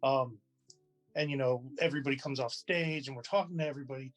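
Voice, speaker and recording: A man sharing a chatty, lively personal story in a tribute to a theater colleague, with many restarts and fillers. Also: mid-range voice, fast talker, soft background music, low-quality recording. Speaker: theater company member giving a tribute. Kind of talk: personal anecdote, casual storytelling.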